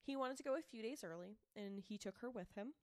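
A woman's voice: on the high side, lively intonation, a little fast, dry recording, studio quality. Chatty young woman telling a story. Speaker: podcast co-host telling the story. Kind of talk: casual chat.

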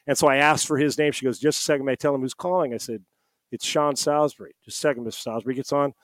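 Animated middle-aged man telling stories. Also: medium pitch, very fast, no room sound. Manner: animated storyteller, acts out quoted dialogue. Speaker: podcast guest. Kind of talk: casual storytelling. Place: home. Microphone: headset.

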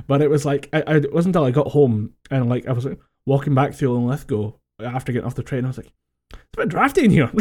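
A man's voice: mid-range voice, mellow. A Scottish man co-hosting a podcast, chatting casually, laughing a lot and swearing freely as he tells stories over a voice call. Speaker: podcast co-host. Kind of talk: casual chat. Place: home, recorded over a voice call.

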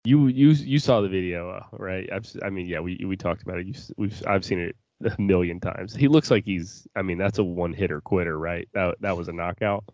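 Deep-voiced man in crude podcast banter. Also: brisk, few pauses, a little mellow, dry recording. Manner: laughs often, stammering restarts, swears. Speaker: podcast co-host. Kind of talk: casual crude chat.

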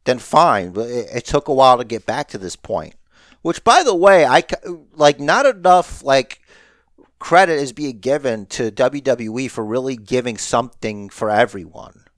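A podcast co-host with a mid-range voice speaks at a moderate pace, chatting casually and joking about wrestling in an animated way, sometimes slipping into mock voices. The sound is clean studio audio with no echo.

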